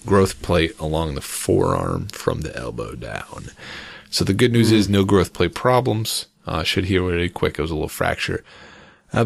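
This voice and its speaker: A man's voice: low-pitched, vocal fry, no echo. A man chatting casually as a podcast co-host, telling a rambling story with frequent laughs. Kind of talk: casual chat.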